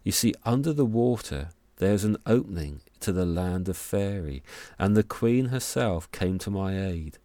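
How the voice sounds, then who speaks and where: A man's voice: low-pitched, lively intonation, measured pace, dark tone, no room sound. A man voicing a sly, cheerful farmer who tricks his neighbours with boastful, persuasive tall tales.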